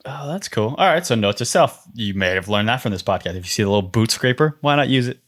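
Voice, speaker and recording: A man hosting a podcast, chatting casually and telling stories with lively acted-out quotes. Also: mid-range voice, fast talker. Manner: animated storytelling, acts out quotes. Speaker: podcast host.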